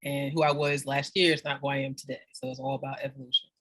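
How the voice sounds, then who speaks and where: A woman's voice: a bass voice, level tone, fast talker, fairly bright tone, no room sound. A woman co-hosting a faith podcast, speaking in casual chat and answering reflectively with some hesitation. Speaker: podcast co-host.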